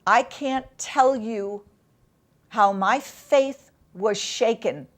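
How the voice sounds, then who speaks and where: A woman guest in an interview, telling a painful personal story in an emotional, halting way with long pauses. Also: fairly high pitch.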